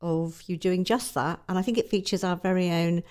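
A woman's voice: on the low side, a little fast, darkish tone. A woman hosting a podcast, chatting casually and encouraging her guest. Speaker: podcast host.

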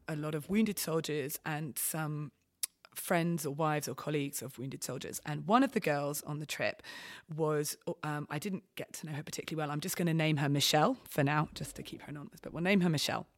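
A woman's voice: low voice, fairly even intonation, fairly quick, dry recording, studio quality. Candid woman medic telling a story. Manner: hesitant storytelling with frequent ums and restarts. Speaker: expedition medic guest. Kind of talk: candid anecdote in conversation.

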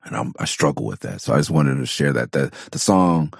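This Southern California podcast host, an adult with four kids, has a bass voice that's animated and fairly quick, with vocal fry and a slightly rough texture. The studio-quality audio has no room sound. In his casual monologue he's blunt, candid, and profane, laughing often.

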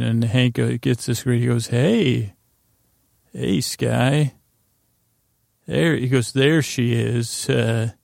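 A podcast host with a deeply gravelly, fry-heavy voice meanders through a scene-by-scene recap, stumbling over words and paraphrasing characters. His delivery stays level and flat, recorded close and dry. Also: dry recording. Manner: meandering, full of fillers and restarts. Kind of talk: rambling episode recap for sleep.

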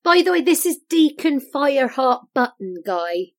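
A woman's voice: sits high, very animated, moderate pace. A woman playing at a tabletop game, cheerful and chatty. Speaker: player. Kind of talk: tabletop role-play.

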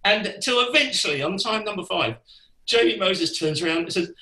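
A man's voice: sits high, brisk, echoey room, low-quality recording. An older man, a guest musician, telling a backstage story animatedly and acting out the voices of the people in it. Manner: animated, acts out quoted voices, laughs through the story. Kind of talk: anecdotal storytelling.

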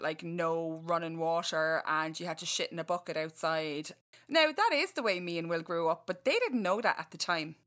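A woman's voice: lowish voice, fairly bright tone. An Irish woman co-hosting a podcast, reading out a case and breaking off to joke and chat. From Ireland. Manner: reads case notes then riffs with jokes. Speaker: podcast co-host. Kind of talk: casual storytelling chat.

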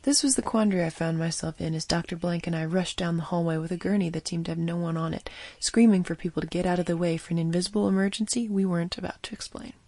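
A woman's voice: fairly low pitch, steady tone, quick pace, hardly any pauses, mellow, dry recording. A woman reading a scripted first-person audio drama as narrator, with a wry storytelling manner.

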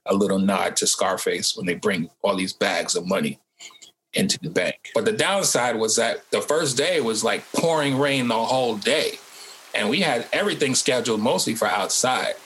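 A man's voice: lowish voice, moderate pace, fairly bright tone, slight background noise, poor audio. A man in an interview casually explaining how a music video was shot.

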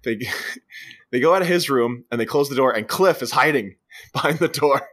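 A man's voice: mid-range voice, moderate pace, a bit bright. A man co-hosting a podcast, casually retelling a film's scenes and jumping into quoted voices. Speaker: podcast co-host. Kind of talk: casual movie review chat.

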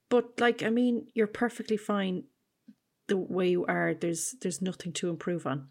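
A woman's voice: fairly low pitch, steady tone, a little slow, a little mellow. A woman co-hosting a candid chat, frank and sweary, giving reassuring advice. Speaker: podcast co-host.

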